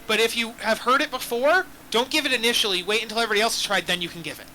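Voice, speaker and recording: High, bright-voiced man running a game. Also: slight background noise, low-quality recording. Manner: explains rules quickly, then rephrases. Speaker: game master.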